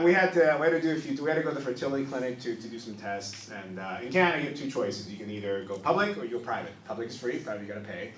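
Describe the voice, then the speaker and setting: A man in his thirties doing a stand-up comedy set on a club stage, telling stories with lively acted-out quotes. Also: medium pitch, recorded from a distance, heavy background noise. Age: 30s. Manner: animated storytelling with acted-out quotes. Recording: roomy club recording heard from off-mic with crowd. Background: audience laughter.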